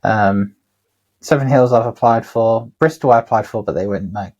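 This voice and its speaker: A man's voice: lowish voice, moderate pace, a little mellow, lo-fi sound. A man, a tattooer co-hosting a podcast, telling long rambling anecdotes in casual chat with plenty of swearing.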